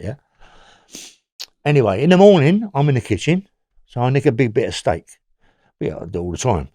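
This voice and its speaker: A man's voice: medium pitch, sing-song, normal speed, pauses often, mellow, no room sound, studio quality. Blunt London man with rambling storytelling. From England. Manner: rambling, blunt, swears freely. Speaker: interview guest. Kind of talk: recounting prison stories.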